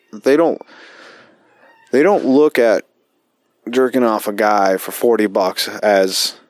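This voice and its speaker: Profane, rambling veteran podcast host. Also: male voice, lowish voice, no room sound. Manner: profane, rambling, with frequent fillers. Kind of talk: casual storytelling.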